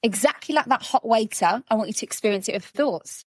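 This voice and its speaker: Fast-talking woman coach telling vivid stories. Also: a little high, dry recording, clean studio sound. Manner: animated storytelling, acting out quotes. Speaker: guest coach. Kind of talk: casual podcast conversation.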